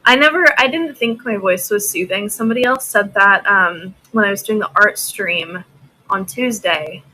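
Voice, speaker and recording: A woman's voice: medium pitch, moderate pace, pushed and bright, rough recording. A woman hosting a casual live-stream auction, chatting with viewers by name and laughing often.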